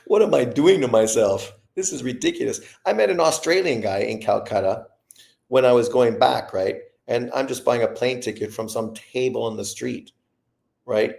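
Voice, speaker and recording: A man's voice: lowish voice, vocal fry, darkish tone. A man in his fifties telling rambling, profane stories in a casual livestream chat. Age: 50s. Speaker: boxing livestream host.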